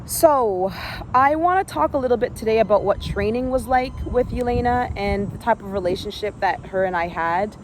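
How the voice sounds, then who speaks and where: A woman's voice: on the high side, moderate pace, background noise. A woman in her thirties from Canada, a former elite gymnast, telling her own story in a candid, emotional way with frequent fillers. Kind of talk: personal storytelling vlog.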